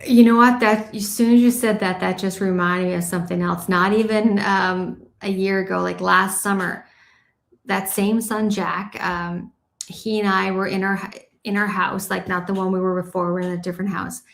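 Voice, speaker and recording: A woman's voice: mid-range voice, flat delivery, moderate pace, vocal fry, reverberant. A woman guest on a radio show, telling personal anecdotes in a chatty, casual way with many "you know"s. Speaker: guest storyteller. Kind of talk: casual interview conversation.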